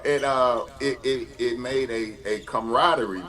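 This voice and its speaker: A man, a guest telling animated stories with frequent fillers and restarts. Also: mid-range voice, normal speed. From Mississippi, US. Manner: animated storyteller, frequent uh and repeated words. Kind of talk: conversational storytelling.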